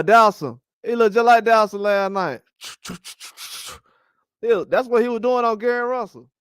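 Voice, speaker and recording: A man's voice: sits high, clean tone, dry recording, studio quality. A man hosting a boxing channel, giving casual, rambling commentary and trash talk. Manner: animated, rambling trash talk with frequent laughs.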